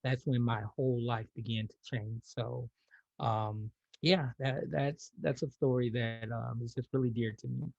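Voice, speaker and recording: Gravelly man telling a personal story. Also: mid-range voice, steady tone, unhurried, a little mellow, no room sound, highs cut off. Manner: repeats words when starting, laughs lightly. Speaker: podcast guest. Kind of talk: casual storytelling.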